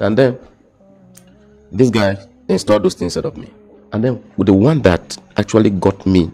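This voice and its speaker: A young Nigerian man with a Nigerian accent, telling his personal testimony in casual conversation, halting and repeating words, often dropping into quiet emotional tones. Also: on the low side, vocal fry.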